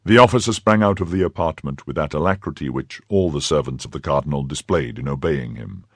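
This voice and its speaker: A man reading a classic novel aloud in steady, even narration. His voice is deep and husky, with lively movement in pitch. The recording is close and dry. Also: a little fast, dry recording. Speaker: audiobook reader. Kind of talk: scripted narration.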